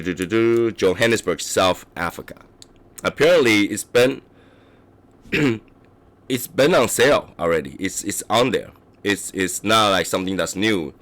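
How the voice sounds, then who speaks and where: Hoarse, very low-voiced man. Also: a bit bright. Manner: keeps clearing his throat, halting restarts. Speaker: livestream host reviewing cigars. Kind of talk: casual rambling chat.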